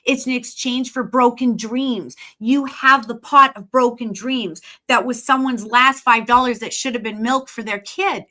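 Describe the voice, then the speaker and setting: A woman, a guest psychic telling stories in a casual podcast chat, animated and acting out the people she quotes. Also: a little high, unhurried, hardly any pauses. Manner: storytelling, animated, acts out quoted voices.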